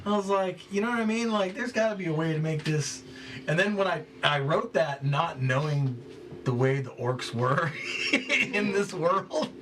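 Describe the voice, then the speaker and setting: A man's voice: a little high, normal speed. A man chatting animatedly with other players about his character's backstory. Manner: animated, chatty, lots of fillers. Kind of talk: casual chat among tabletop players. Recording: distant mic with clear background noise.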